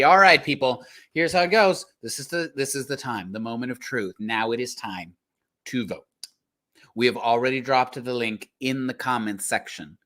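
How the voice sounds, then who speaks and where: A man hosting a streamed poetry slam, introducing poets and explaining how the audience votes. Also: mid-range voice. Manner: hyped announcer who grows calm and explanatory. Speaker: host.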